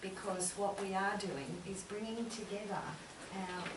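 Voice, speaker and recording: A woman academic briefly announcing an event to a seminar audience in a brisk, friendly, jokey way. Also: mid-range voice, fairly even intonation. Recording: echoey room, distant mic, loud background noise.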